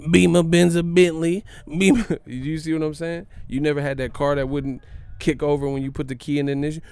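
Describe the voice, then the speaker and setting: A man's voice: a little high, level tone, quick pace, darkish tone, clean tone, no echo. A man hosting a casual commentary vlog on his channel, slangy and joking, laughing often. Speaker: boxing channel host.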